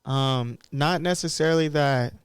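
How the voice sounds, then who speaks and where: A man's voice: fairly high pitch, unhurried, clear, resonant tone, no echo. A man in his thirties, a barber guest on a podcast, talking in a candid, loose and reflective way. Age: 30s. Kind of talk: casual podcast conversation.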